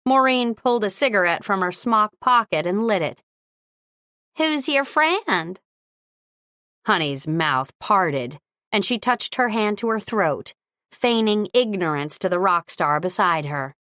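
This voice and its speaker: A woman narrating a romantic comedy audiobook in an even, measured way. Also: medium pitch, dry recording, clean studio sound. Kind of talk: scripted narration.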